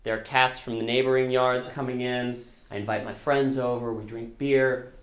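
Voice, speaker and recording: A man's voice: mid-range voice, flat delivery, moderate pace, reverberant. A man telling a true story on stage at a storytelling concert, conversational and self-deprecating, with frequent restarts. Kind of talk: live storytelling performance.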